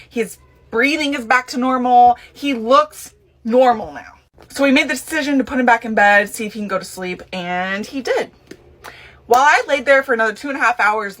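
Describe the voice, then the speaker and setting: A woman chatting casually to the camera while getting ready, telling a story in an animated, dramatic way. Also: on the high side. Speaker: nurse.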